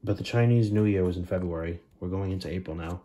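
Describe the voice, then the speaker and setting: A man's voice: low voice, fast talker, mellow. A man narrating a homemade train story casually, with rambling, jokey asides.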